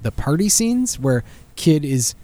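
Podcast dude chatting about a movie, laughs a lot, voice jumps way up for jokes. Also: male voice, unhurried. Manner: animated, laughs often, jumps to high pitch for jokes. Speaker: podcast host. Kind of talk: casual chat.

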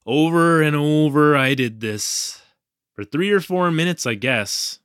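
Speaking a little slowly in a smooth, slightly high and bright voice, the actor again voices the flustered young English teacher in Japan. He recounts his ordeal wryly and self-deprecatingly as audio drama narration, in a studio-quality recording with no room sound.

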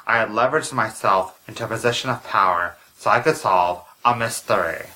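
A theatrical masked schemer from a comedy audio drama, with a man putting on the voice. The voice sits noticeably lower than his usual one, yet it keeps a bright, forceful edge. He delivers his confession slowly and with heavy drama. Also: low-quality recording. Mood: solemn. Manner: slow, solemn, dramatic. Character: masked secretive powerful man, grave and theatrical.

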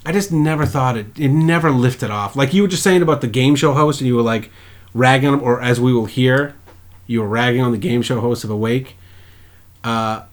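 A man co-hosting a podcast in loose, profane chat. He rambles from one old movie or TV show to the next, and his voice sits at an ordinary middle pitch. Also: brisk. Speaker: podcast co-host. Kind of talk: casual chat.

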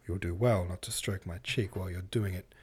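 A man's voice: deep voice, steady tone, fairly quick, a little mellow, breathy edge. A man reading as an earnest, lovestruck young man. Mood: wry.

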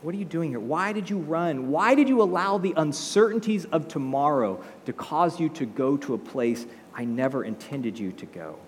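A man's voice: on the high side, lively intonation, normal speed, few pauses, in a large hall, slight background noise, pitched above the performer's own voice, lightly acted. A man voicing God as a patient male figure who keeps asking probing questions and gives firm reassurance.

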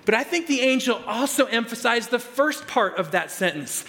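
A man's voice: very high-pitched, lively intonation, normal speed, hardly any pauses, a bit bright, in a large hall. A man preaching a sermon as pastor, talking conversationally, restarting and repeating words and stressing key phrases.

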